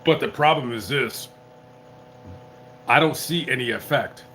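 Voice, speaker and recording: Bright-voiced rambling man on a livestream. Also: mid-range voice, unhurried, a little hiss or hum. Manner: rambling, self-interrupting, many fillers. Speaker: YouTube livestream host. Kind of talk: casual rambling livestream talk.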